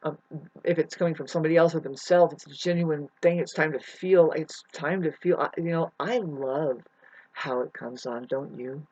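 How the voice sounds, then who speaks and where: A woman's voice: deep voice, normal speed, a little mellow, dry recording. A woman vlogger rambling through a searching spiritual monologue, speaking straight to the viewer and calling them "babes". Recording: muffled lo-fi audio.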